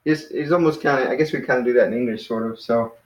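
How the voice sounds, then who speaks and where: A man's voice: medium pitch, fast talker, highs cut off, a little hiss or hum. Easygoing man teaching in an echoey room. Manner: relaxed, encouraging, says "man" and laughs. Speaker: Greek teacher. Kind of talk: casual one-on-one language lesson.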